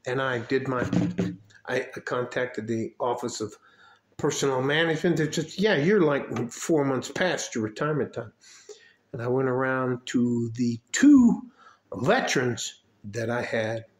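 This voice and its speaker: A man's voice: medium pitch, lively intonation, a little slow. Heated older man ranting, echoey room. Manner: heated, swearing, repeats himself. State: getting upset. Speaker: video blogger. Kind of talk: angry personal rant.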